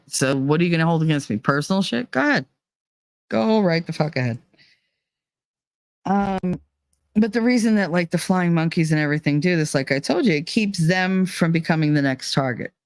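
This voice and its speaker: A woman's voice: lowish voice, normal speed, no echo. A woman hosting a casual chat show, talking bluntly with frequent swearing and laughter. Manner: blunt and profane, laughs often. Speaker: host.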